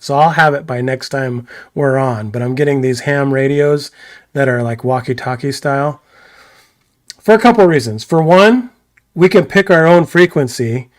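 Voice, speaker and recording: A man co-hosting a live stream, chatting casually and excitedly, rambling and laughing often. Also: medium pitch, dry recording, clean studio sound. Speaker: co-host of a live stream show. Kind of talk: casual banter.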